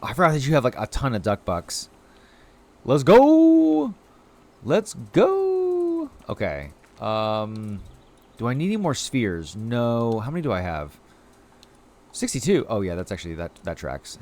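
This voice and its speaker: A male game streamer in casual live commentary, his pitch bouncing up and down in an animated way. He chats loosely with his audience while he plays. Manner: chatty, talks to chat while playing.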